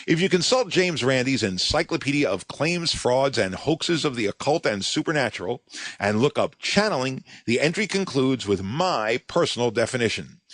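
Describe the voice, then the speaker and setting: Wry, animated male podcast host. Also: mid-range voice, dry recording. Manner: wry, sardonic storytelling. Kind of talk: scripted narration.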